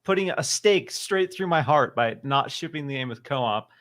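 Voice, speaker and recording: A male guest on a gaming stream who gives his opinions with enthusiasm and emphasis. His voice sits at an ordinary middle pitch. He speaks in a casual, conversational way. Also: lively intonation, moderate pace, fairly bright tone. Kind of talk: casual livestream chat.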